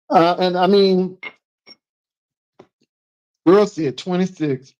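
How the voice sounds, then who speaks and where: A man's voice: sits high, unhurried, pauses often, muffled recording. A man in casual live call-in chat, sassy and teasing, repeating his points with emphasis.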